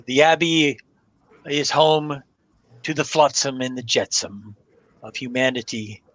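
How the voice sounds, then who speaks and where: A man voicing a slow, solemn, two-headed goat-horned male caretaker of an abbey, speaking matter-of-factly. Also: mid-range voice, fairly bright tone, low-quality recording.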